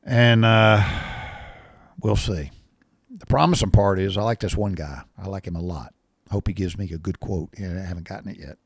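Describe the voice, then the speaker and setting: An older man tells a rambling home-project story in a low voice. He repeats words and keeps clearing his throat. The sound is dry and close, with no room around it. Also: moderate pace, no room sound. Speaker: vlogger.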